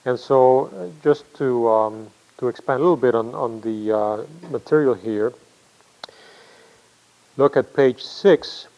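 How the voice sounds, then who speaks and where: Male lecturer, mid pitch, hesitant and explanatory, muffled lo-fi class recording. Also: slow, a little mellow. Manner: thinking aloud with many fillers and restarts; explanatory, asks himself questions.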